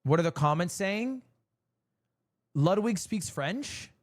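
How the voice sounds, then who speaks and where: A man's voice: high-pitched, lively intonation, slow pace. A young man chatting casually on his stream, rambling and self-mocking, laughing often. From United States.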